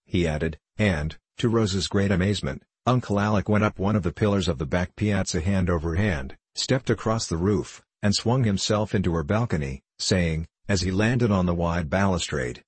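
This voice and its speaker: A man reading a novel aloud as an audiobook narrator, in a calm, measured way. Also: sits low, breathy edge, no room sound. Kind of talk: scripted narration.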